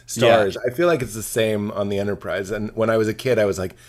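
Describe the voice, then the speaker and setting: A man in his forties, a comedian guest chatting casually on a podcast, animated and jokey, slipping into mocking voices. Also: fairly low pitch, fairly quick.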